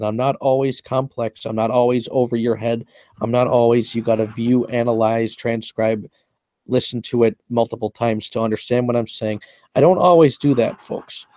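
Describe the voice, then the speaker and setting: A man's voice: mid-range voice, warm tone, no echo. Boastful man explaining his own raps. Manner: boastful, repetitive, explains at length. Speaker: rapper breaking down his own lyrics. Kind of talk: casual lyric breakdown monologue.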